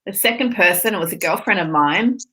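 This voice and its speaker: A middle-aged woman, a spiritual teacher, telling her story in a casual interview with candid, expressive talk and the odd swear word. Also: on the low side, a little fast.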